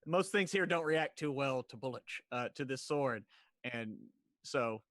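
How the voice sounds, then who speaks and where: A man's voice: medium pitch, animated, measured pace, fairly bright tone, dry recording, studio quality. Rambling man at a tabletop game. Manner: rambling, hesitant, many likes. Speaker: player. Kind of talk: casual play chat.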